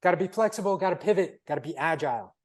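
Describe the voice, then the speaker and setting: A man's voice: a little high, lively intonation, very fast. A man co-hosting a casual podcast chat, laid-back but emphatic, peppering his talk with "like" and "man". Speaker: podcast co-host.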